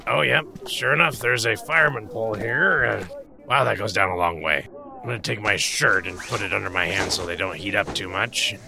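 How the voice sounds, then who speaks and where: A man's voice: lowish voice, a little fast, vocal fry, noisy background. A man playing a character in a tabletop role-playing game, with polite, wry in-character narration. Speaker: player.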